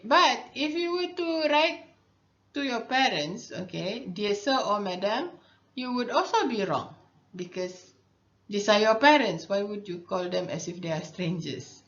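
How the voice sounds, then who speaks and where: A woman teaching a writing lesson, patiently explaining and checking in often with "okay". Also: medium pitch. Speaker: English teacher. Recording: dull lo-fi recording.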